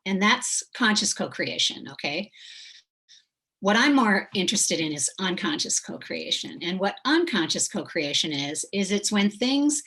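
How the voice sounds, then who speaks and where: A woman speaking on a video call, giving a calm, explanatory presentation with frequent pauses and ums, her voice a little low on energy today. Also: slightly rough. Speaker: speaker on emotional intelligence. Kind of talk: online presentation to a congregation.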